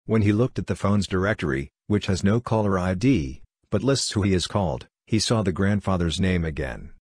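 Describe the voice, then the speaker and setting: A man reading a series of short ghost stories aloud in a steady, even storytelling delivery. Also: sits low, moderate pace, breathy edge, no echo, studio quality. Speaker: narrator.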